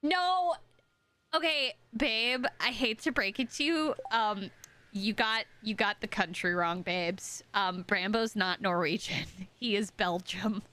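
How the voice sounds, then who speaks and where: Taking things slowly, this young American woman gaming on stream talks casually with her viewers in a medium-pitched, sharp voice. Her chatter rambles, with plenty of giggles and self-deprecating jokes.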